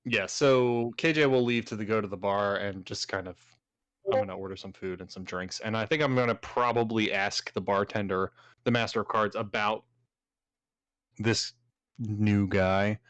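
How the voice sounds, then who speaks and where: Laid-back low-voiced male player. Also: steady tone, normal speed, a bit bright, smooth, no echo, dull audio. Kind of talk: casual tabletop play.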